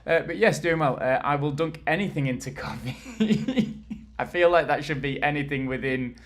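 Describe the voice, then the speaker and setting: A man's voice: a little high, expressive, normal speed. A British man from the UK chatting casually with viewers on a live stream, rambling and laughing easily while he assembles furniture and moves around. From United Kingdom.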